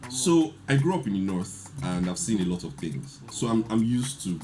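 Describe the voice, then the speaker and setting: Animated deep-voiced man telling a story. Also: moderate pace, faint music behind. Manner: animated storyteller, laughs often, acts out quotes. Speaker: podcast guest. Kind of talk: casual chat, storytelling.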